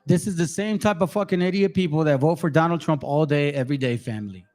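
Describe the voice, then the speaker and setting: A man's voice: fairly high pitch, quick pace, a little mellow. A man giving heated, profane commentary on video clips, ranting angrily.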